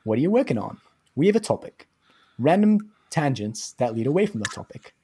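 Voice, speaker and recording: A put-on Australian accent for a keen male listener, as a podcast host puts him on. The voice has a slightly husky edge. It reads aloud from a phone in a chatty review tone. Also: mid-range voice, big pitch swings, fairly quick, dark tone. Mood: cheerful.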